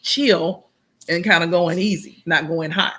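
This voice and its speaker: A woman's voice: on the low side, steady tone, normal speed, bright, forceful tone. A woman co-hosting a casual live chat as a marriage coach. She talks animatedly, acting out quoted lines and repeating her points for emphasis.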